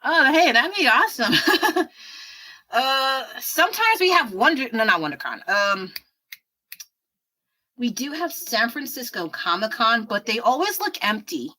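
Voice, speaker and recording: A woman's voice: on the high side, sing-song, unhurried, sharp tone, rough recording. A woman in her thirties chatting casually with viewers during a painting livestream, rambling and self-deprecating. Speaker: artist livestreaming while painting.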